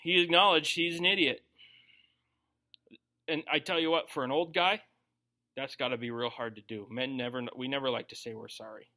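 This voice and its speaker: A man's voice: mid-range voice, fairly even intonation, moderate pace, pauses often, pushed and bright. A man preaching a conversational sermon, joking and briefly acting out quoted voices as he teaches through a Bible passage. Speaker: pastor.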